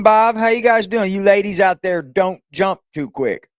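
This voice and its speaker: Male reaction host, crude and teasing, lively swooping voice, slightly high. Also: moderate pace, few pauses, no echo. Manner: crude, teasing, swings into loud whoops. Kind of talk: casual reaction commentary.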